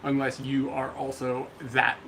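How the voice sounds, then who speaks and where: Laid-back American man co-host, reads chat questions, mid-pitch, faint noise at home. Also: monotone, a little slow, fairly bright tone, rough recording. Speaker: livestream co-host. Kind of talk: casual livestream chat. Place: home room.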